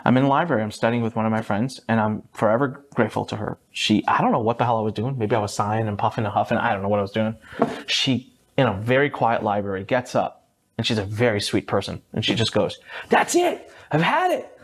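A man in his thirties, an entrepreneur guest in a podcast interview, telling his story with animated energy and a casual, sometimes swearing manner. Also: fast talker. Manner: lively, swings up high for quoted voices, mild swearing.

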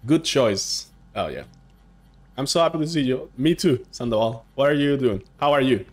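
A young man streaming a game live, chatting excitedly with his viewers and reacting as he plays. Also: mid-range voice, normal speed, a little hiss or hum. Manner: excitable, chatty, talks to chat. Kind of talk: casual live game commentary.

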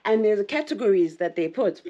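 A South African woman vlogging to camera in casual chat, excitable and rambling, often breaking into laughter. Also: mid-range voice, brisk, highs cut off.

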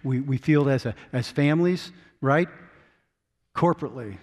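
A man pastor preaching a sermon, swinging from loud urging to hushed, quiet intensity. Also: mid-range voice, moderate pace, long reverb tail. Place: church sanctuary.

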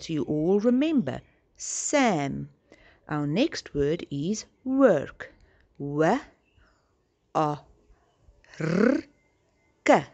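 A woman teacher giving a slow spelling lesson to young children, spelling words letter by letter and encouraging them. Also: deep voice, a little mellow, highs cut off.

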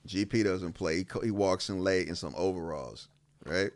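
A former pro basketball player telling a story in a casual interview, acting out the quotes. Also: male voice, low-pitched, normal speed, dry recording. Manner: animated, acts out quotes.

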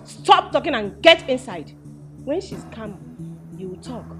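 A doting mother with a Nigerian accent who keeps pressing her grown daughter. Her voice sits high and swings widely in pitch. She coaxes, lectures and insists in the same breath. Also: very animated, unhurried, faint music behind. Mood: scolding. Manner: coaxing and pleading, turning firm. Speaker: mother of a princess.

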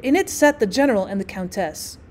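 A woman teacher reading a classic short story aloud as an audiobook, voicing the dialogue expressively, with an occasional slip and restart. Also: a little fast. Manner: expressive, voices the dialogue with small pitch shifts.

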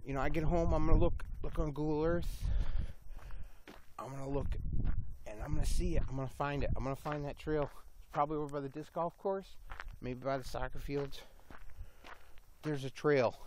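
A man's voice: fairly high pitch, steady tone, moderate pace, darkish tone, slight background noise. A man vlogging casually while walking outdoors along a road, rambling and swearing to himself, a little giddy and hyper.

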